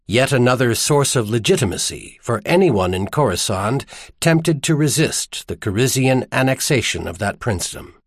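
Reading an audiobook with steady, expressive storytelling, a man speaks in a mid-range voice. There's no echo, and the recording has studio quality.

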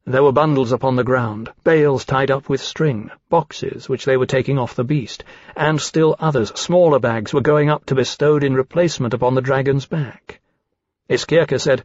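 A man reading a fantasy novel aloud as narrator, in a measured, steady storytelling way. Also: mid-range voice, no echo. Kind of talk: audiobook narration. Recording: dull dry studio sound.

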